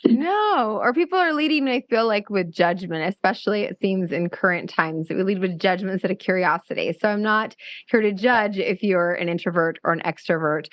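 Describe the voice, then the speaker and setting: A woman's voice: medium pitch, no room sound. A woman hosting a podcast, affirming her guest and thinking aloud in casual chat. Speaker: podcast host.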